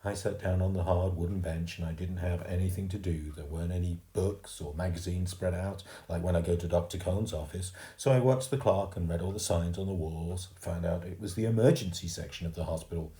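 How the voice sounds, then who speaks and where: A man reading a children's book aloud as a storyteller, slow and expressive, in a roomy recording. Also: deep voice. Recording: roomy echo.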